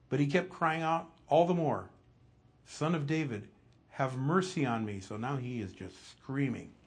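A man preaching an expository sermon, telling the story with animation and dropping low and soft for emphasis. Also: breathy edge. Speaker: pastor.

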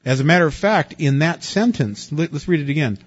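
A man preaching a sermon in a conversational way, asking rhetorical questions and swinging from loud to quiet. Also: fairly high pitch, lively intonation, brisk, slightly rough. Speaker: pastor. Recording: dull lo-fi recording with faint music.

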